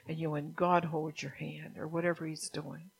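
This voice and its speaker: A woman preaching a sermon who keeps asking the listeners if they understand, sometimes dropping into a soft whisper. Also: low-pitched, flat delivery, normal speed, gravelly, slightly rough, rough recording. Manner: drops at times into a soft whisper.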